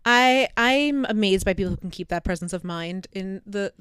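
Woman, podcast co-host, casual chat, wry asides, smooth voice, dry sound. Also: medium pitch, moderate pace, fairly bright tone, dry recording.

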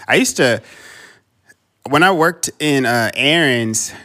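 A man's voice: medium pitch, expressive, takes it slowly, sharp tone. A man co-hosting a podcast in casual chat, easygoing and reflective, often hesitating over his words. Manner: easygoing, reflective, many fillers. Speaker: podcast co-host.

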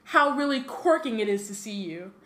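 A cheeky teenage boy twin laying on a mock-posh tone, as a woman reads him aloud. His voice is pitched up and plainly put on. The room is echoey. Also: lively intonation, moderate pace, a bit bright. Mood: mock-formal. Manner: exaggerated posh teasing tone.

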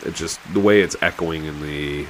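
A man's voice: a bass voice, moderate pace, slight background noise. A man in his thirties, a podcast co-host, chatting casually in a sarcastic, joking way with frequent laughs. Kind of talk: casual chat.

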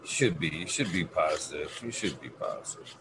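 A man's voice: a bass voice, very animated, moderate pace, gravelly. A man hosting a casual chat, laid-back and asking short questions. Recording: noisy background.

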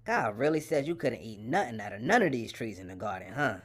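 A man's voice: mid-range voice, sing-song, fairly quick, a bit bright. A man voicing a sly, slick male snake who tempts someone in slangy street talk. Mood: coaxing. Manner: slangy, coaxing.

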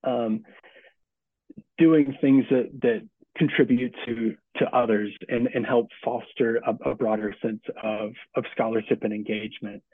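A middle-aged man answering interview questions as a book's author, casual and halting, with many restarts and fillers. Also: medium pitch, fairly even intonation, slightly rough, dry recording. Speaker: author and guest. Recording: tinny phone-like call audio.

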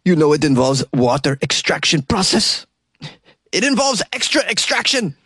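A man voicing an excitable, indignant coffee bar owner, shrill and theatrical. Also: normal speed, husky, no echo, studio quality, exaggerated voice.

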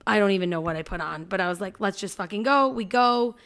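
A woman's voice: mid-range voice, fast talker, a bit bright. Swearing woman telling a story. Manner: swears freely, acts out quoted people when telling stories. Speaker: podcast co-host. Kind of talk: casual chat.

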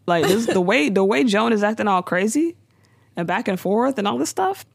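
A woman co-hosting a podcast, recapping a TV episode in casual, jokey chat with quick asides. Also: medium pitch, expressive, vocal fry, dry recording.

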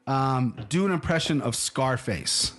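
A man's voice: mid-range voice, a little slow, a bit bright. A man casually running a quiz-and-dare game with a friend, laughing and teasing often. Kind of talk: casual chat.

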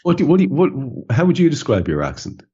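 A man's voice: a little high, huge pitch swings, quick pace, mellow, breathy edge, dull audio. A man hosting a casual podcast chat, swearing freely and laughing often as he talks. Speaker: podcast host.

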